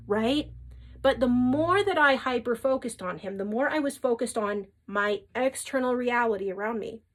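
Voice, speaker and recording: A woman casually giving spiritual relationship advice to her viewers, emphatic and chatty, often checking in with "right?". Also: a little high. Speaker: spiritual reader and coach.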